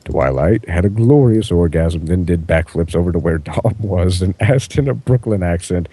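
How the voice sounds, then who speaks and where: Deep husky man reading aloud. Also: normal speed, few pauses. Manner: deadpan delivery breaking into laughter. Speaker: reader. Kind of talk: reading absurd fan fiction aloud.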